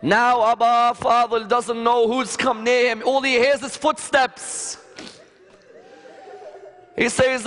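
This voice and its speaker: Male preacher, high voice, slow grieving sermon delivery, long reverb of a big hall. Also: little pitch movement, fairly bright tone. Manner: slow, lamenting, dramatic recitation with sighs. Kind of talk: emotional religious sermon narration.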